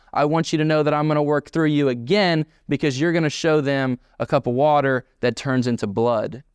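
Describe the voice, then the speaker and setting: Animated preaching pastor, dry sound. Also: male voice, medium pitch, clean tone, dry recording. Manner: animated preaching, acting out quoted dialogue in emphatic bursts. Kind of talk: sermon.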